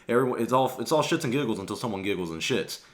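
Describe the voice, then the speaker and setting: A man's voice: mid-range voice, animated, rapid-fire. A man hosting his own channel, talking casually in a rambling, profane, offhand way. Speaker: channel host. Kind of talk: casual vlog rant.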